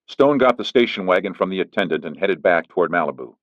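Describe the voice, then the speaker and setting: Man, audiobook narrator, steady reading, low voice, dry sound. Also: fast talker, no room sound. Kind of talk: scripted narration. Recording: dull lo-fi, dry studio.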